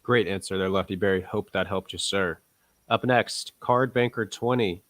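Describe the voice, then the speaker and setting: A man co-hosting a casual podcast, pitching his investment picks with upbeat, rising emphasis. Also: normal speed, a bit bright. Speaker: co-host.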